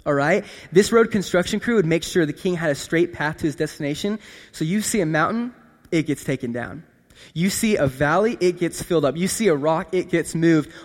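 A man preaching a casual sermon in a conversational, animated way, often checking in with his listeners. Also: fairly high pitch, fairly quick. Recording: long hall reverb.

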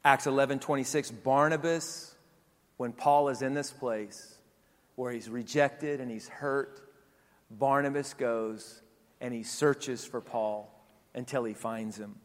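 A male pastor preaching a sermon, repeating phrases with emphasis and swinging between loud and soft. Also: medium pitch, steady tone, takes it slowly. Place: large church hall. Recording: long hall reverb with soft music behind.

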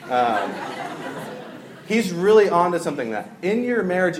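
A man's voice: sits high, very animated, moderate pace, pauses often, reverberant, some chatter behind, a little hiss or hum. Casual storytelling preacher, a man. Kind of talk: sermon.

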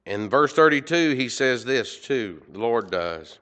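A man preaching a sermon, swinging from loud emphasis to quiet asides. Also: mid-range voice, lively intonation, unhurried. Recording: dull lo-fi recording.

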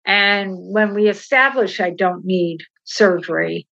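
A middle-aged woman, a podcast guest, telling candid personal stories in an animated way and acting out the dialogue. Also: mid-range voice, takes it slowly, gravelly. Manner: animated, acts out quoted dialogue, laughs while telling. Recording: slightly dull, lo-fi sound.

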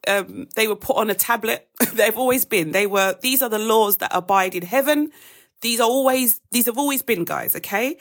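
A woman hosting a live daily devotional, teaching scripture in a chatty way, calling her viewers guys, rushing and correcting herself as she goes. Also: fairly high pitch. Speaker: devotional host. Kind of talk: livestream Bible teaching. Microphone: phone or webcam on a live stream.

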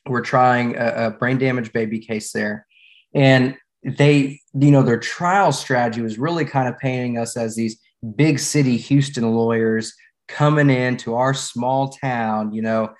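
Laughing middle-aged male storyteller. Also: mid-range voice. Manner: relaxed storyteller, laughs and repeats words. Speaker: guest, former law firm managing partner. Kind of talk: storytelling in a podcast interview.

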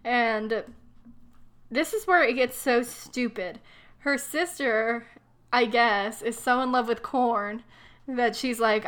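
A young woman in casual chat, retelling a book plot with sarcastic, animated mocking voices. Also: on the high side, slow. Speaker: book discussion co-host.

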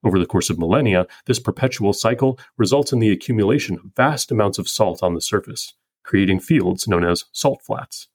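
A man hosting a podcast who reads a scripted poetry analysis in a measured, methodical way. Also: fairly low pitch, expressive, husky. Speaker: podcast host.

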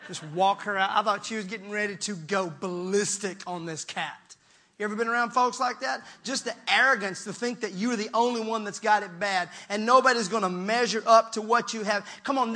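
High, bright-voiced male preacher. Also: fairly quick. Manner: animated preaching, swings from soft asides to shouting; joking with the congregation. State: strained throat. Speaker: pastor. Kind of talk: sermon.

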